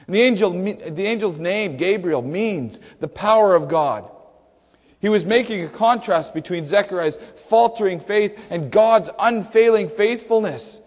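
Male pastor, sermon, high voice, emphatic with rhetorical questions, long hall reverb. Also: lively intonation, measured pace.

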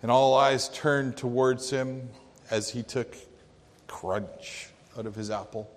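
A man pastor delivering a sermon in a church, telling a story with dramatic pauses. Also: mid-range voice, fairly even intonation. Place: church sanctuary. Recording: long church reverb.

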